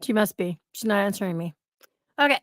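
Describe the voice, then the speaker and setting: A woman's voice: mid-range voice, animated, brisk, fairly bright tone, dry recording, clean studio sound. Chatty woman hosting a livestream. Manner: chatty, swears freely, reads chat aloud. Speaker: livestream host. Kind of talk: casual livestream chat.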